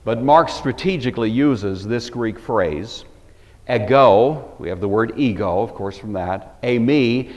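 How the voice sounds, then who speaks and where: A man teaching a Bible lecture, telling the story with animated emphasis. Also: medium pitch, measured pace, in a large hall.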